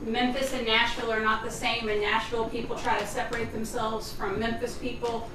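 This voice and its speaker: A woman's voice: on the high side, flat delivery, far from the mic. Woman chiming in, counting reps. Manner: counts reps aloud, adds quick remarks. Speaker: workout class participant. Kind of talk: chiming in during a workout class. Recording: echoey room with clear background noise.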